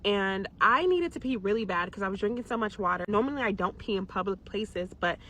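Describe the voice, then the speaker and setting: Woman, casual storytime, chatty, direct to viewers, mid-pitched voice. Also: lively intonation, a little fast, pushed and bright, a little hiss or hum.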